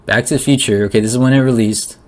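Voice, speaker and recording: A young man talking through his theories in an excited, rambling monologue, full of restarts, swearing and sudden rises in his voice. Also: medium pitch, quick pace. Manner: emotional, voice jumps up. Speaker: conspiracy vlogger.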